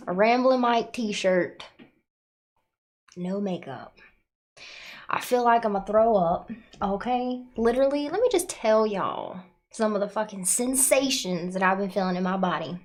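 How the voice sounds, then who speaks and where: A woman's voice: medium pitch, animated, a little slow, a little mellow. A woman hosting a casual livestream, rambling and swearing a lot, using "like" often, sounding nauseous and worn out. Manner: profane, rambling, confessional; frequent filler "like". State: nauseous and exhausted. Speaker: livestream host.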